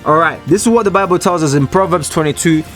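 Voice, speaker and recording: A man's voice: a little high, fast, fairly bright tone, soft background music. A man giving a preachy motivational talk to camera from a small room, alone, emphatic and repetitive as he addresses the viewers directly. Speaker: Christian motivational speaker.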